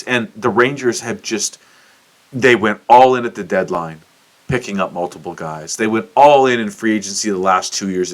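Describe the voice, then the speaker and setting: His own show is the setting as a middle-aged man from the United States, a podcast host, rants in casual commentary full of swearing and self-mocking outbursts. He speaks on the low side with a slightly bright tone.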